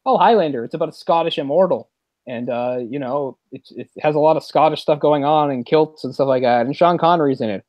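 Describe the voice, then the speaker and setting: A man hosting a podcast, chatting casually about movies in a rambling, animated way with quick laughs. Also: on the high side, no echo, dull audio. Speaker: podcast host.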